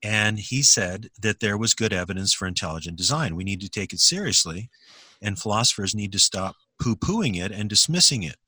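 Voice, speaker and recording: A man speaking in a low, bright and forceful voice. He argues with deliberate, measured reasoning in a relaxed conversation, and the recording is dry and close. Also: slightly rough, dry recording. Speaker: discussion partner. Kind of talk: casual philosophical conversation.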